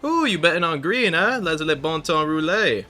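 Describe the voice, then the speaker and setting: A man's voice: fairly high pitch, expressive, moderate pace, sharp tone, soft background music, pitched above the performer's own voice. A man voicing a jovial Cajun casino dealer with a Cajun Louisiana accent and a folksy drawl.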